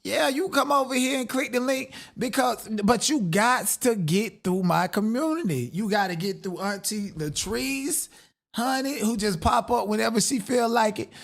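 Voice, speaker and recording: A man with a high voice and a gravelly edge hosts casual commentary. He talks straight to his viewers in a mocking, profane way. The voice sits up high with a rough, crackly texture. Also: normal speed, fairly bright tone. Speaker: commentary channel host.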